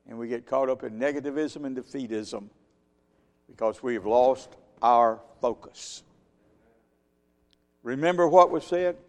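A man preaching a sermon with emphatic delivery, rising loud and dropping soft. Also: medium pitch. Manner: emphatic, swinging between loud and quiet. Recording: long hall reverb.

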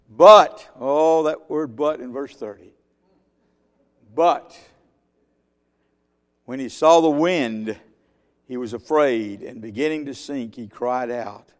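A man preaching a sermon with emphatic delivery, rising loud and dropping soft. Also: fairly high pitch. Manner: emphatic, swinging between loud and quiet. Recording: long hall reverb.

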